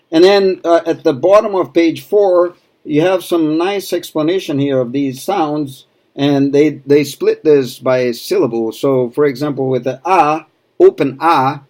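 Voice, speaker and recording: This man's voice sits on the high side with a darkish tone. He's a native Portuguese speaker from Rio de Janeiro with a Brazilian accent, teaching a Portuguese lesson in English and patiently repeating words for practice.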